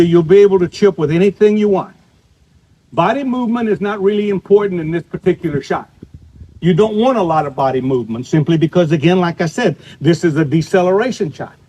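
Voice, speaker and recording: A man's voice: high voice, a little mellow, low-quality recording. Older man giving a folksy golf clinic. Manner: folksy, storytelling, demonstrating as he talks. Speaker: golf instructor. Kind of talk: live golf clinic demonstration. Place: outdoor golf practice area.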